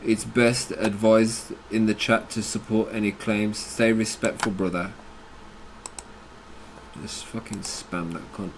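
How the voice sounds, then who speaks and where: A man's voice: lowish voice, fairly even intonation, slow, noisy background. A British man hosting a crypto channel, ranting bluntly and combatively about a chat argument, with plenty of swearing. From United Kingdom.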